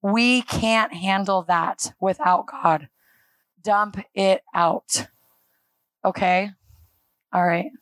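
A woman speaking at a church on a handheld microphone, giving a lively, self-deprecating sermon that acts out her talks with God. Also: medium pitch, very slow, pauses often, no echo. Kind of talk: conversational sermon. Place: church stage.

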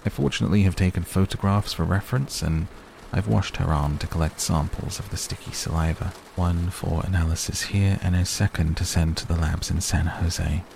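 A methodical, matter-of-fact father, read by a man with a deep, gravelly voice. He lays out details steadily in a storybook reading, with a noisy recording. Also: fairly quick, darkish tone.

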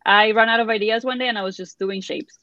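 Relaxed woman guest on a dull line. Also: medium pitch, quick pace, crowd noise. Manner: relaxed, laughs easily. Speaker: podcast guest, artist. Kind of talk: casual chat. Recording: dry, dull lo-fi sound.

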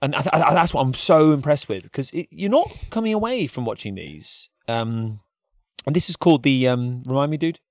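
A man co-hosting a podcast in casual chat, animated and rambling with frequent laughs. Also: medium pitch, moderate pace, no room sound, studio quality. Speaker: podcast co-host.

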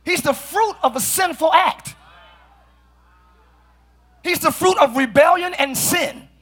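In a church sanctuary, a middle-aged male pastor preaches a sermon, often shouting and making playful asides to the congregation. His voice is very high and his pace is slow.

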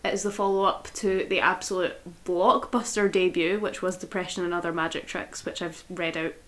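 A woman co-hosting a book podcast, chatting in a relaxed, wry way with dry jokes. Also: fairly low pitch, fairly quick. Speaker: podcast co-host. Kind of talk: casual chat.

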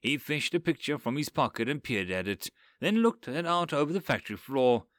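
A man narrating a dark fantasy story with an expressive, dramatic delivery. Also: medium pitch, a little fast, no room sound, clean studio sound.

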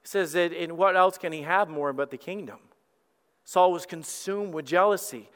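A man preaching a sermon as lead pastor, telling the story in an animated way and acting out characters, heard with long hall reverb. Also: high-pitched, moderate pace, smooth.

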